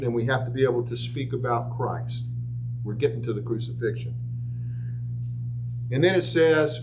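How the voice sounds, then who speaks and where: A man preaching a sermon in a church, animated and folksy, acting out crowd voices with big jumps in his voice. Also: mid-range voice, moderate pace, pauses often, noisy background. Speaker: pastor.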